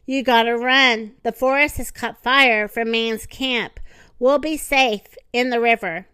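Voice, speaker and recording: A woman's voice: on the high side, measured pace, pushed and bright, clear, resonant tone, no echo. Woman doing a noble old stag, urgent. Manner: urgent, commanding.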